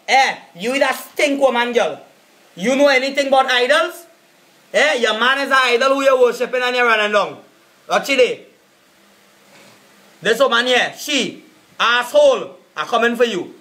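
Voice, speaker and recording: A man's voice: very high voice, bright, forceful tone. A man with a Trinidadian accent ranting on a live stream, cussing and repeating himself as he confronts people. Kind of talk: angry live-stream rant.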